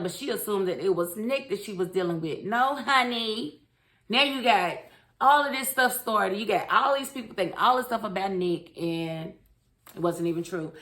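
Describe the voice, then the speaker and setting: Woman, animated storyteller, opinionated, casual recap, middle pitch. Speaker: show recap reviewer.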